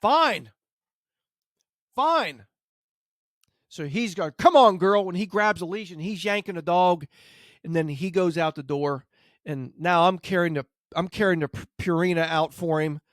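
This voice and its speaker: A man with a somewhat high voice tells a story in a relaxed podcast chat and acts out the lines of the people in it. The sound is dry and close, with no room echo. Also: normal speed. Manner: animated anecdote, acts out quotes. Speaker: dog trainer, podcast host.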